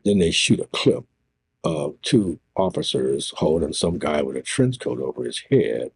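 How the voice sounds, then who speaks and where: An older man telling a story in an interview, animated and profane, acting out what others said. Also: deep voice, measured pace, vocal fry, slightly rough. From Oregon, US. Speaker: interview guest.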